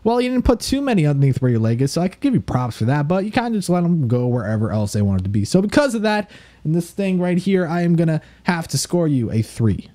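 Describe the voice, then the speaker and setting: Young male host, casual and playful, lively swinging delivery. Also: a little high, fast. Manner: animated, playful, laughs often. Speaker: show host. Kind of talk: casual review chat.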